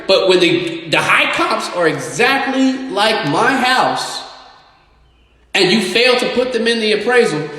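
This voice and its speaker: A real estate investor and agent speaks casually and bluntly to his followers on a live stream, swearing and hitting his words hard. His voice is a little high with a sharp edge, and the room is very echoey, with long reverb and faint noise.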